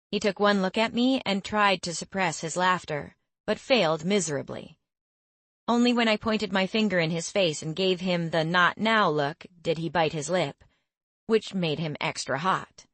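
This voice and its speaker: A young woman reads a first-person fantasy audiobook with wry, expressive delivery. Her voice sits a little low for a woman, recorded close and very dry. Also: moderate pace, dry recording. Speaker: audiobook narrator. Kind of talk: first-person scripted narration.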